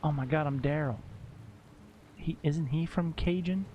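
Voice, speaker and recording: A man live-streaming a game and chatting casually with viewers, excitable, laughing often and swearing when surprised. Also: on the high side, a little slow, highs cut off, slight background noise. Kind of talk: casual gameplay commentary to chat. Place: at home.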